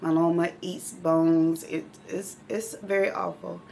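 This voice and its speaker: Gravelly low-voiced woman vlog host. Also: flat delivery, unhurried, warm tone, slight background noise. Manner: emotional, speaks directly to viewers. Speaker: channel host living with myeloma. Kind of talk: heartfelt casual vlog talk.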